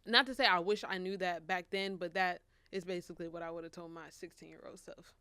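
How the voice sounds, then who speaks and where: A woman's voice: fairly low pitch, fairly even intonation, fairly quick, sharp tone, smooth, no room sound, studio quality. A woman of twenty-one, a college senior and author, speaking earnestly and reflectively in a casual interview. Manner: earnest, reflective, with frequent restarts and laughs. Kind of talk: casual faith-centered interview.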